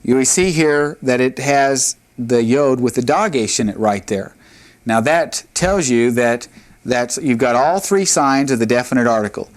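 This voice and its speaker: A man's voice: mid-range voice, measured pace. Patient man teaching a recorded lesson. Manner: patient, methodical, with frequent "uh" and "all right". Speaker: Bible language teacher.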